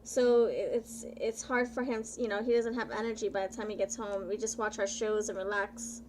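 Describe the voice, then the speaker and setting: A woman tarot reader chatting live with her viewers, bubbly and playful, often excited and drawing her words out. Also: mid-range voice, moderate pace, slight background noise. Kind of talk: casual live-stream chat with viewers.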